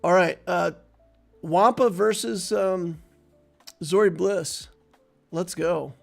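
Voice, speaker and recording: A man's voice: sits high, slow, vocal fry, soft background music. A man giving casual live-stream commentary on a game, chatting playfully with viewers and laughing easily. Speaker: gaming streamer.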